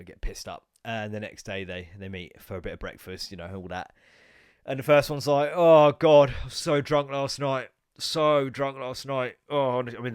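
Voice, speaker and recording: A man's voice: fairly low pitch, dry recording, clean studio sound. A man hosting a solo podcast, rambling and swearing, sounding bunged up with a cold. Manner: rambling, sweary, jumps into goofy voices. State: congested, bunged up. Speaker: podcast host. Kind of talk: solo casual podcast rant.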